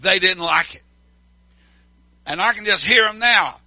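A man preaching a sermon as pastor, calling out to the congregation and swinging from loud declarations to hushed asides. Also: high voice, unhurried, no echo.

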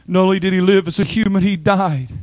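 A male preacher with a high voice delivers a sermon with emphatic, dramatic pauses and soaring rises. The sound is dry and close, with little room around it. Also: fairly even intonation, a little mellow, no room sound, muffled recording.

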